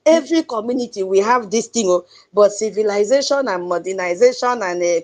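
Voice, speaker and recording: A woman with a Nigerian accent hosting an online audio space, speaking in an emphatic, preachy advocacy style. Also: medium pitch. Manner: chanting drum sounds, emphatic and preachy, laughs often. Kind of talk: impassioned advocacy talk.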